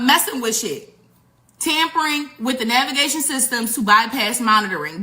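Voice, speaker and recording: A woman riffs through casual political commentary, mocking and profane. Her voice is high and bright.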